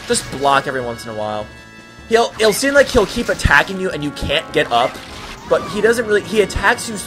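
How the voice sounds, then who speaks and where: A young man from the US East Coast, hosting a let's play with rambling, jokey, easily sidetracked game commentary. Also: mid-range voice.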